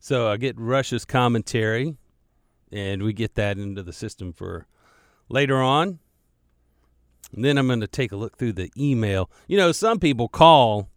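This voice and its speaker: Alone in the studio, a male radio show producer chats casually into a studio microphone, drifting off on tangents for his podcast. His mid-range voice carries a self-deprecating, wordy ramble with repeated words, and there is no echo.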